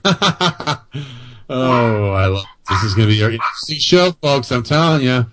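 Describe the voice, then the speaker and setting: A man's voice: medium pitch, expressive, moderate pace, noisy background. An American man hosting a show, rambling in self-mocking, apologetic casual banter. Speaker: podcast host. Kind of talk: joking casual chat.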